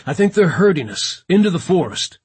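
A man voicing a tough, cursing male soldier who is shouting. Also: on the high side, very animated, a little fast, breathy edge, voice pushed up, heavily acted. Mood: shouting, tense.

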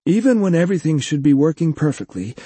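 A man voicing a patient, kindly male cybersurgeon in an audiobook story, speaking in a gentle, reassuring way. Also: fairly high pitch, big pitch swings, quick pace, slightly rough, dry recording, voice pushed up.

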